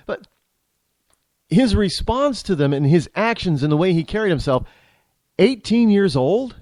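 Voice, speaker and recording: Blunt, animated male talk show host. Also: high voice, brisk, no echo. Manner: opinionated and blunt; animated storytelling with frequent restarts. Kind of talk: storytelling monologue.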